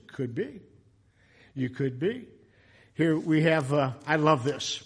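Husky, animated male preacher. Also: on the high side, slow, pauses often. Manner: animated, conversational preaching with sudden loud emotional peaks. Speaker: pastor. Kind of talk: sermon.

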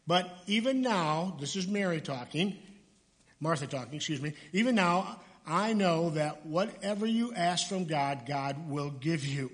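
A man's voice: fairly high pitch, expressive, a little slow, in a large hall. A male pastor giving a sermon in church, talking in a loose, conversational way, often stopping to correct himself and joking with the congregation.

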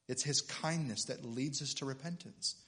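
A man's voice: medium pitch, normal speed. Middle-aged man preaching a passionate sermon. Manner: passionate, builds to loud emphatic peaks; reads scripture aloud with dramatic voices. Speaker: pastor.

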